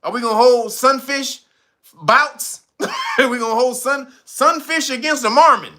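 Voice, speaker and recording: A man's voice: very high-pitched, huge pitch swings, measured pace, sharp tone. Laughing, mocking male commentator. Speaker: channel host. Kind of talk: comedic commentary.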